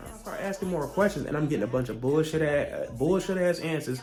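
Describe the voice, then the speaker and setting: A young man telling a storytime vlog, profane and heated, with animated rants he acts out as quotes. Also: on the high side, fast talker, few pauses, faint music behind. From Virginia, US. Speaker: vlogger.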